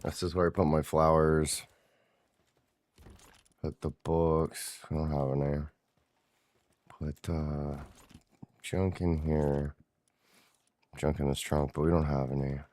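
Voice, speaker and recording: Very deep-voiced slow-talking male streamer. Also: flat delivery, a little mellow. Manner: chatty, talks to chat, swears casually. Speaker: game streamer. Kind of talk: casual gameplay commentary.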